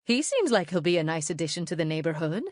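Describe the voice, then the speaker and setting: A woman's voice: low-pitched, very animated, fast talker, no room sound, studio quality. A woman voicing a busy Mexican-born mother with a Mexican accent, friendly and practical, in an audiobook. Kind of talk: audiobook character voice.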